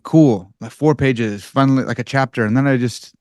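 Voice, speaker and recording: A man's voice: medium pitch, moderate pace, darkish tone, clear, resonant tone, no echo, clean studio sound. A young man, a philosopher and writer, telling his story as a podcast guest in a casual, self-deprecating way, with fillers and restarts.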